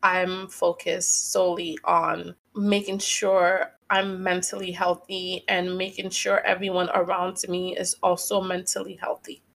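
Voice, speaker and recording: A woman's voice: lowish voice, gravelly. Earnest woman hosting a reflective podcast. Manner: earnest and emphatic, repeats key phrases; guides listeners through slow breathing. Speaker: podcast host. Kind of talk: reflective solo podcast monologue.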